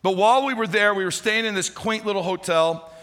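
A man preaches a sermon in a chatty, storytelling way, often turning to ask his listeners questions. His voice sits a little high and sounds bright and forceful. A long reverb trails behind him in a large hall. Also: a little fast. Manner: conversational storytelling, asks the audience questions. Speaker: pastor.

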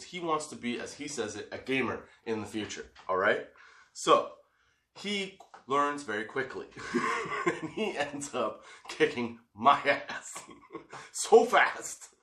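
A man's voice: mid-range voice, lively intonation, measured pace, pushed and bright. A middle-aged man and father telling a story in a casual vlog, rambling, swearing freely and laughing as he goes. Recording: echoey room.

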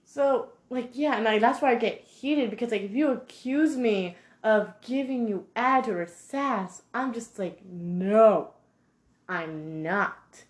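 A woman ranting casually to camera in an animated, heated way, filling her talk with "like". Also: a little high, moderate pace, few pauses. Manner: animated, heated, heavy use of 'like'. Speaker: vlogger. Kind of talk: casual monologue rant. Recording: echoey room.

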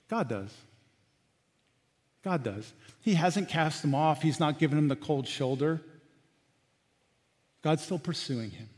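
Preaching man in a reverberant hall. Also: fairly high pitch. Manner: animated preaching, acting out quotes, dropping to quiet lines. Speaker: pastor. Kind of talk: sermon.

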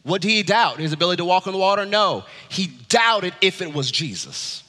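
High-voiced pastor preaching in a hall. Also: male voice, animated, brisk. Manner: preaching with wide swings from loud high urging to low hush. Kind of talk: sermon.

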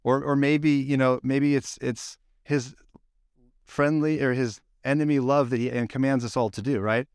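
A man preaching a casual, conversational sermon, telling the story with lively acted-out quotes. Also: mid-range voice, normal speed, clean tone, no room sound, clean studio sound. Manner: animated storyteller, acts out quoted lines. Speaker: pastor.

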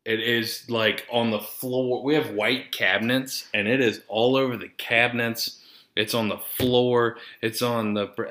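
Male podcast host, rambling and foul-mouthed, bright forceful tone, roomy echoey sound. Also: medium pitch, steady tone, unhurried. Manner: profane, rambling, easily sidetracked. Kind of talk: casual rambling monologue. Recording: roomy echo.

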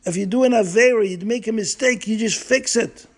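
A man's voice: high-pitched, brisk, pitched above the performer's own voice. A man voicing a wise, holy old rabbi who earnestly instructs and reassures a traveler. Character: wise holy old male rabbi giving urgent counsel.

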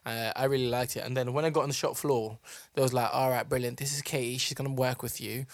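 A young man, co-hosting a podcast, telling an animated story and acting out the people in it. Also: medium pitch, fast talker, no room sound. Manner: animated storyteller, acts out voices and laughs. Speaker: podcast co-host. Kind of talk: casual chat.

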